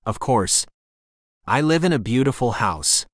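A man's voice: medium pitch, animated, a little slow, dry recording, studio quality. A man voicing a scornful older woman killer. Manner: sharp, scornful, bossy. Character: older woman shifter, cold scheming killer.

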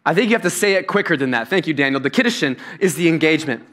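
Animated joking male pastor preaching. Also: a little high, very fast. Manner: joking, animated storytelling with asides. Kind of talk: sermon. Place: church stage.

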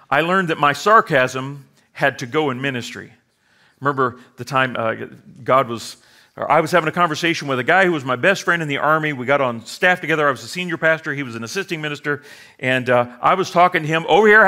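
A male pastor in middle age delivers a sermon full of humor and sarcastic asides. His voice is bright and sits a little high. He slips into quick acted-out voices for the people he quotes. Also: expressive.

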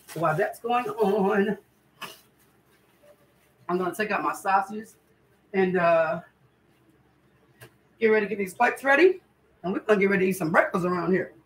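A woman's voice: lowish voice, slight background noise, rough recording. A middle-aged woman, hosting a casual home cooking vlog in her kitchen and chatting homily with viewers. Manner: chatty, homey, addresses viewers as guys and y'all. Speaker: cooking channel host.

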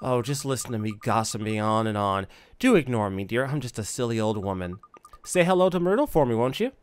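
A man voicing a gossiping, kindly old neighbour woman, fussy and soft-spoken. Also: mid-range voice, expressive, brisk, clear, resonant tone, lightly acted. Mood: gossipy.

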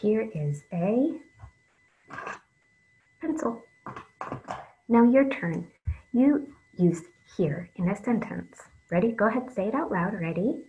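A woman reading teacher giving an online phonics lesson, slow and patient, drawing out letter sounds with soft whispered asides. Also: medium pitch, animated, narrow, tinny audio, slight background noise.

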